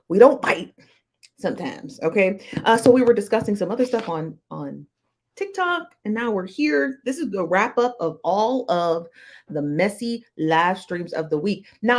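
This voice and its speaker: A woman hosting a casual live-stream reaction show, chatty and slangy, greeting viewers by name one after another. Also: medium pitch. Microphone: desk mic, close.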